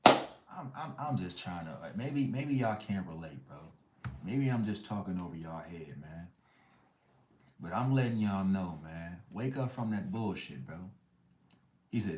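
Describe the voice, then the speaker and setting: A man's voice: low-pitched, animated, unhurried, reverberant. A man hosting a live chat stream, ranting bluntly in heavy slang. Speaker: livestream host.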